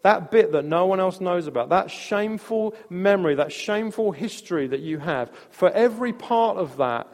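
A man preaching a sermon, telling a story in a conversational way with restarts and soft laughs. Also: high voice, expressive, moderate pace, hardly any pauses. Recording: long reverb of a large hall.

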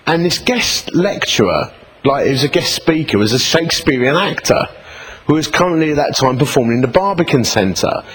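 A middle-aged man with an Essex accent giving a humorous personal testimony to an audience, telling it as lively comic storytelling and acting out both sides of the dialogue. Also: mid-range voice, slightly rough, low-quality recording. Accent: Essex English. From England. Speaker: speaker giving his testimony.

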